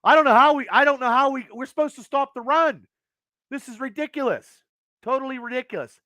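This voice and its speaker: Male host at home, high sharp voice, cursing fast in angry outbursts, dry close sound. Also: no room sound. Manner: profane, agitated, fast rants. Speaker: podcast host. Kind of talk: angry sports rant to live chat.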